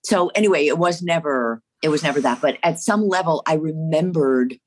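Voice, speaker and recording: Deep-voiced woman, bit of jersey accent, middle-aged actress gushing and rambling in an interview. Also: normal speed. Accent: slight New Jersey. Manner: warm, effusive, rambling with restarts. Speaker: actress guest. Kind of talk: casual interview chat.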